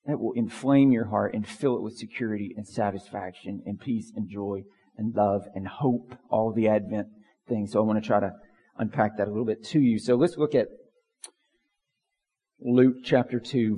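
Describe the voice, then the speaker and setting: A man's voice: lowish voice, steady tone, moderate pace, mellow, slightly rough, in a large hall. A man preaching a sermon as pastor, earnest and building in intensity through long lists. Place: church sanctuary.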